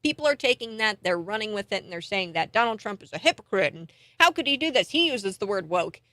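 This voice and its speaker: A woman's voice: mid-range voice, quick pace, no room sound. Lady radio host ranting, fired up and scornful, dry close mic. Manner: animated, indignant, laughs scornfully. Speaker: radio talk show host. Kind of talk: heated political talk radio monologue.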